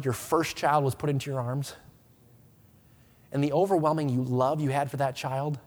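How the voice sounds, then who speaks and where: A man in his thirties delivering a sermon, his voice sitting high for a man. He moves from hushed earnest appeals to loud, impassioned pleading and trips over restarts as he presses his point. The long reverb of a church hall trails every phrase. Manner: impassioned preaching, swelling from quiet to loud; stammering restarts. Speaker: pastor. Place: church sanctuary with a congregation.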